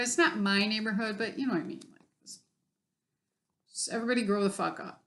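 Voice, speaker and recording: A woman in a casual vlog, talking bluntly and with plenty of profanity. She sounds exasperated and fed up as she tells her story, pitched at a middling level. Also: brisk, long pauses, fairly bright tone. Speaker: vlogger.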